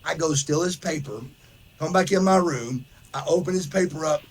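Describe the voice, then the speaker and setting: A man with a gravelly, rough-edged voice, pitched a bit high for a man, spins a long animated story as a podcast host. He drops "brother" into his talk and acts out the quotes in the story. A faint hiss of noise sits under the recording. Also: moderate pace. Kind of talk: casual storytelling chat.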